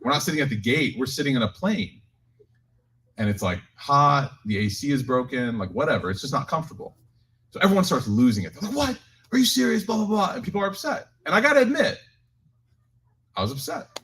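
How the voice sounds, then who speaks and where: A man's voice: medium pitch, fairly quick, a little hiss or hum. A man leading a Quran reflection for a community group, giving a casual religious talk full of jokes and personal stories that he tells straight to his listeners. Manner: animated, joking storyteller, addresses audience directly. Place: community gathering, live-streamed.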